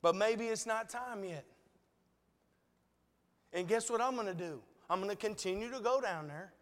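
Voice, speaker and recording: Earnest preacher, a man with a very high voice, chatty, long hall echo. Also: moderate pace, a bit bright. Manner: earnest, conversational, repeated rhetorical questions. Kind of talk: sermon. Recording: long reverb of a large hall.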